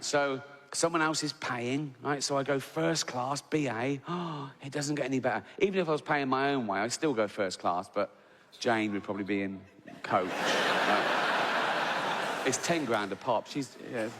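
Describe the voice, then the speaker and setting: A man's voice: mid-range voice, moderate pace, a bit bright. A middle-aged man doing stand-up comedy, chatty and swearing freely, tagging his lines with "right?". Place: large theatre stage. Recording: echoey theatre with faint ambience. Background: audience laughter.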